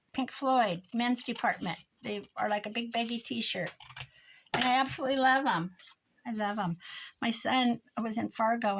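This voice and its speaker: This low-quality recording, carrying a faint hiss or hum, captures a middle-aged woman whose voice sits a little high. She's a crafting vlogger with a Midwestern American accent, talking casually to viewers while crafting in her craft room and often rambling and laughing.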